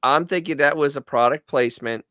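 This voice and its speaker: A man with a fairly high voice co-hosts a casual podcast, reacting in an animated, mocking way. The sound is dry and close to the mic. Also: a little fast, dry recording. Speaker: podcast co-host. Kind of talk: casual commentary chat.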